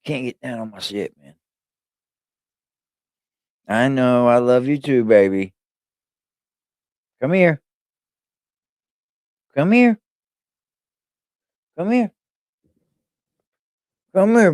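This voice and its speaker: A man's voice: mid-range voice, dry recording, studio quality. A man hosting a casual live stream, chatting loosely and with plenty of swearing while he talks to his pet. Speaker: streamer host.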